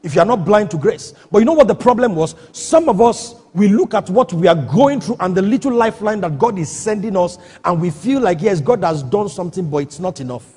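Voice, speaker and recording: A man preaching with a high, very husky voice that carries a long reverb from the hall around him. He presses his points with rhetorical questions, checking that the congregation is following him. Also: lively intonation, brisk, few pauses, warm tone. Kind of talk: sermon.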